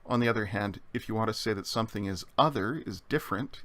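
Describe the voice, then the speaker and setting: A man teaching Greek vocabulary in a measured lecture, explaining slowly with frequent pauses and fillers. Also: fairly low pitch, fairly bright tone. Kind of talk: recorded lecture.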